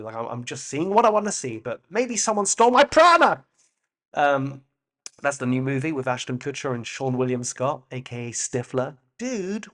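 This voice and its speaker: A man hosting a solo podcast, musing in a playful way with loose asides and the occasional swear word. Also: mid-range voice. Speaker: podcast host. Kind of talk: reflective solo monologue.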